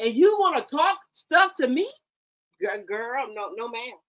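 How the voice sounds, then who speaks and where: A woman with a high, piercing voice rants into her livestream, loud, confrontational and thick with profanity. She stammers through repeated words and keeps hurling rhetorical questions, her tone sharp and bright throughout. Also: very animated, measured pace.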